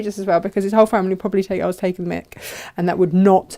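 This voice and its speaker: A middle-aged woman hosting a live craft show, chatting brightly and reading out viewers' greetings. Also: medium pitch, steady tone, very fast, few pauses. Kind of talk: casual live-stream chat.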